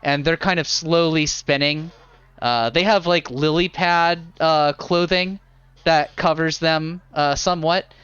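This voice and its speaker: A man narrating a live tabletop game as dungeon master, describing scenes slowly with many fillers. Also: fairly high pitch, a bit bright, clean tone, dry recording, lo-fi sound.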